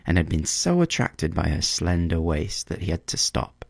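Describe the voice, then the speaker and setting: A man narrating a storybook in a measured, expressive reading voice. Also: deep voice, gravelly, dry recording, studio quality.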